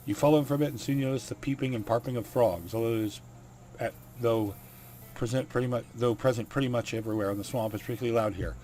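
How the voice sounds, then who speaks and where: A man's voice: mid-range voice, fairly even intonation, fast talker, darkish tone, soft background music. A man hosting a let's play, reading game text aloud with wry asides.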